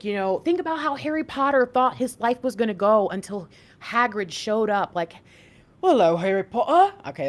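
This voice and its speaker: Animated preachy woman on a livestream. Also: fairly high pitch. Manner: animated, preachy, talks to chat. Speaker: intuitive reader and livestream host. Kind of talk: livestream spiritual reading, preachy chat.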